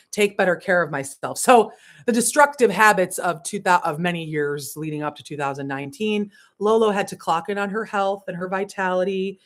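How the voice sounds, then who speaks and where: Her voice sits on the low side as this spiritual coach gives a frank livestream monologue. She laughs, swears, and swings from whispered asides to emphatic eruptions.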